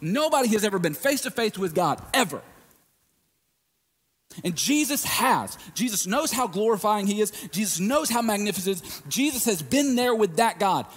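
A man preaching a sermon in a casual, emphatic way, swinging from hushed lines to shouted ones. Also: sits high, very animated, normal speed, long reverb tail.

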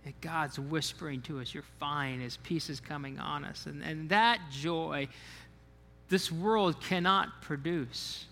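A man's voice: fairly high pitch, slow, gravelly, pushed and bright, long reverb tail, slight background noise. A man preaching a sermon as a pastor, talking in a conversational way, often repeating himself and putting questions to the congregation. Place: church sanctuary.

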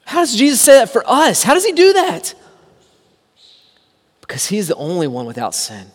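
Man, pastor, sermon, rhetorical questions, hushed asides, high voice, reverberant church. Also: wildly swooping pitch, moderate pace, breathy edge. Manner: emphatic, rhetorical questions, drops to a hushed voice for quotes.

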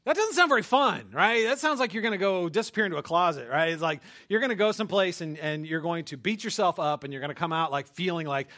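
A male pastor delivering a sermon with an animated, conversational style. His voice sits high and swings widely in pitch. The tone is bright and forward. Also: fast, hardly any pauses. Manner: animated, conversational preaching with frequent "right?".

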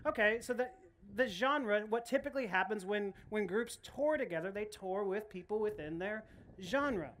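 A woman pastor preaching a sermon, telling a story in a lively, animated way with frequent restarts. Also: mid-range voice, moderate pace, slight background noise. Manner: animated storytelling, laughs often, many restarts.

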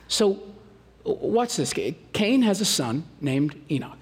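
High-voiced preaching man, echoey hall. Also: a little slow, breathy edge. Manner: conversational preaching, rhetorical questions, animated asides. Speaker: pastor. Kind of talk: sermon.

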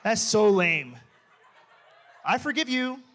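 A young man giving a testimony sermon in a church. He talks with animated energy, jokes and laughs often. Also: high-pitched, slow. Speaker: church minister.

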